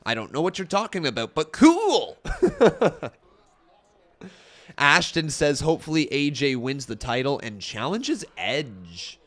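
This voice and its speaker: A man's voice: mid-range voice, sharp tone. A young man hosting a casual wrestling watch-along stream, chatty and reading out viewer comments, his voice a little tired and strained. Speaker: live stream host. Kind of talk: casual live-stream chat.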